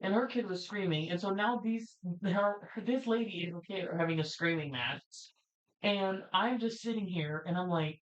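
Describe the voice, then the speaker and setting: A woman's voice: medium pitch, moderate pace. A young woman talks bluntly in casual chat and swears freely. Her voice sits mid-range. The recording sounds muffled and lo-fi. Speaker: podcast co-host. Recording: muffled lo-fi audio.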